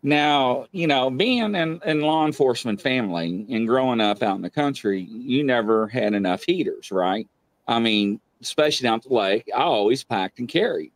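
A man's voice: mid-range voice, moderate pace. A middle-aged man, casually telling a ghost story and acting out the voices. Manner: animated, acts out quotes loudly. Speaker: guest telling paranormal experiences.

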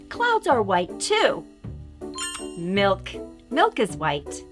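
Young woman teaching little kids, slow and super expressive, singsongy, music playing behind. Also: mid-range voice. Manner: animated, exaggerated and sing-song, with big swings between loud and whispered. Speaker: children's show host and teacher. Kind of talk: teaching toddlers first words.

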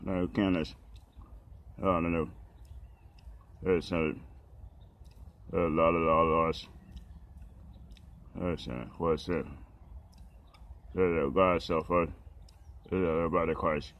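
A man talking haltingly about the Bible, with many pauses, fillers and restarts. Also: low-pitched, steady tone, muffled recording.

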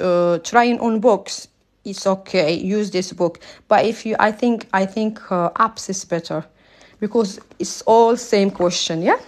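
A woman's voice: medium pitch, a little mellow. Chatty woman streaming a test lesson. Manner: chatty, tags sentences with "yeah?"; apologizes for her accent, non-native English. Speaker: driving theory test tutor. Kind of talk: casual live-stream lesson.

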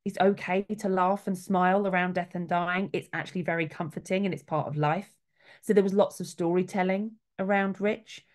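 A middle-aged woman, a soul midwife, talking casually and earnestly, with quoted voices acted out along the way. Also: fairly low pitch. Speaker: soul midwife, guest speaker.

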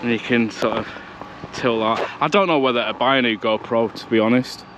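A man's voice: medium pitch, fairly quick, noisy background. Guy rambling on a seaside walk, action cam in hand, chatty, laughs easy. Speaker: vlogger. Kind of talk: casual walking vlog. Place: outdoors on a seaside promenade. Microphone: handheld action camera.

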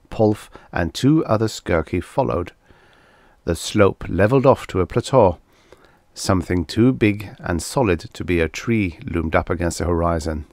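A man with a very low, deep voice reads a vintage science fiction story aloud in a measured, steady way. The sound is dry and close, with no room echo at all. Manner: measured, even reading. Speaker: audiobook narrator. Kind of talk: scripted story narration.

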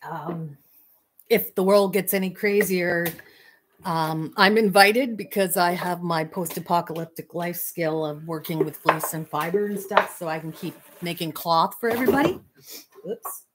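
A woman from Manitoba, Canada hosts a fiber arts livestream, chatting casually and ramblingly with viewers and laughing often. Her voice sits on the low side, and the background is noisy.

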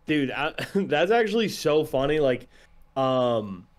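A man chatting casually as a podcast guest, animated and quick to laugh, often swearing. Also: on the high side. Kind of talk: casual chat.

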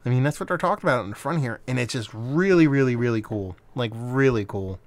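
A man's voice: medium pitch, fast. A man reviewing a beer on camera in a casual, rambling way, swearing now and then. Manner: animated, rambling, swears freely.

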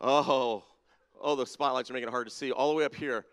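Man, church leader, playful teasing, smooth voice, big echoing sanctuary. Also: mid-range voice, fairly even intonation, a little fast, fairly bright tone. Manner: teasing, upbeat, calling people down by name. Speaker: church leader running a congregation activity. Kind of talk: leading a playful audience-participation segment. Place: large church sanctuary with balcony and spotlights. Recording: long reverb of a big hall.

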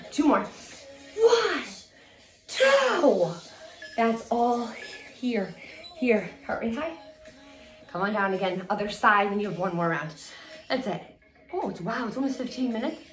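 A woman fitness instructor coaching a low-impact cardio workout, energetic and a little out of breath as she counts reps and cheers people on. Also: moderate pace, pauses often. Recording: echoey room with music.

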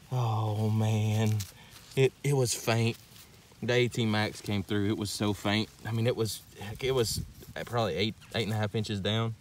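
A man's voice: fairly low pitch, slight background noise. A man narrating a metal detecting vlog outdoors into a handheld camera, breathless and exclaiming over his finds. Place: outdoors at a dig site.

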